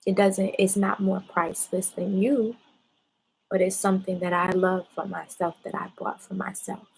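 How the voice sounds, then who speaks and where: A mother calmly questioning her child about a mistake, patient and measured while she holds back tears. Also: medium pitch, creaky, slight background noise, low-quality recording. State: close to tears, holding back. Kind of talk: parent talking a child through a mistake.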